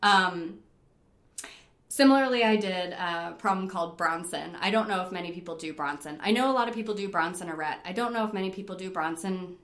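A middle-aged woman from New York telling animated, laughing stories about climbing, acting out her own past panic. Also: lowish voice, fairly quick. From Rochester, New York. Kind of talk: casual storytelling. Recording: roomy echo.

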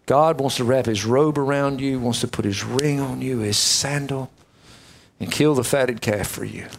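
A man's voice: medium pitch, moderate pace, creaky, slight background noise. A man preaching from the pulpit. His voice is folksy and heartfelt, shifting from joking with the congregation to earnest prayer. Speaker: pastor. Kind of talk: sermon with closing prayer.

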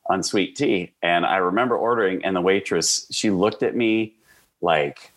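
Animated Midwestern man telling stories. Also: low-pitched, normal speed. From American Midwest. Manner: animated, lively storyteller with frequent fillers. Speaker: interview guest. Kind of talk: casual conversational storytelling.

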